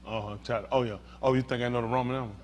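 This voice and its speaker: A man preaching a sermon as pastor, swinging from hushed talk to shouting. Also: mid-range voice, fairly even intonation, very fast, a little hiss or hum.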